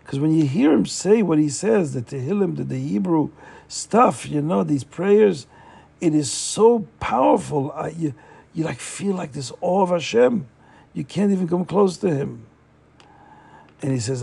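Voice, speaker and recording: A man's voice: on the high side, animated, a little slow, vocal fry, dark tone, husky. A man telling a story aloud in a chatty, informal way, with frequent fillers and restarts. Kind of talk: casual oral storytelling.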